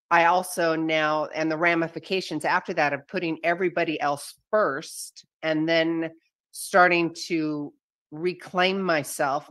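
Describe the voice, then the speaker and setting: Low-voiced middle-aged woman hosting. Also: a bit bright, no room sound. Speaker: podcast host. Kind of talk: podcast interview.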